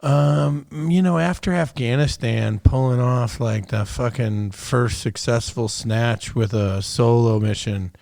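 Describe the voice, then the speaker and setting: Speaking slowly with hardly any pauses, this middle-aged American man has a medium-pitched, creaky, slightly mellow voice, captured in a clean studio with no echo. He's a retired special operations soldier on a podcast, telling war stories in a rambling, profane, filler-heavy way during a casual interview.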